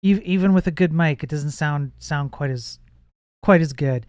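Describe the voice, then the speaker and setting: Mellow-voiced man chatting on a coding stream. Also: on the high side, moderate pace, clear, resonant tone, no room sound, clean studio sound. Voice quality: says his voice gets nasal when projecting. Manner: thinks aloud, reads chat, trails off and restarts. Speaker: live-streaming programmer. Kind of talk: casual live-stream chat while coding.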